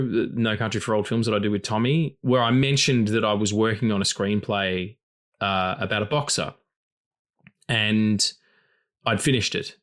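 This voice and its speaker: A man's voice: mid-range voice, a bit bright. A man hosting a film podcast in casual chat, rambling and philosophizing with frequent swearing. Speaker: podcast host.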